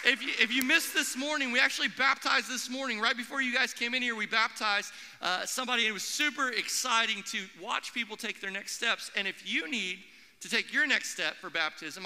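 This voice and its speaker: High, bright young man preaching in a hall. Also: a little fast. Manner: animated, acts out quoted voices. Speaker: pastor. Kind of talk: sermon. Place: church auditorium. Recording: long hall reverb.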